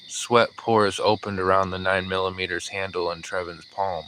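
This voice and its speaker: A man narrating an audiobook in a measured, even storytelling manner. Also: low-pitched, a little hiss or hum, low-quality recording. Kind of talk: scripted narration.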